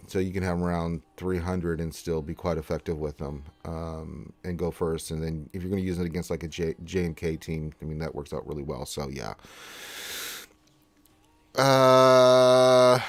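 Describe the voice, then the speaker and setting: A man hosting a casual gaming livestream, greeting viewers and reading chat aloud with lots of fillers. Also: low-pitched. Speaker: livestream host.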